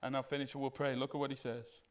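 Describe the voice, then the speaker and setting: A man preaching a sermon as pastor, animated and putting questions to the congregation. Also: mid-range voice, quick pace.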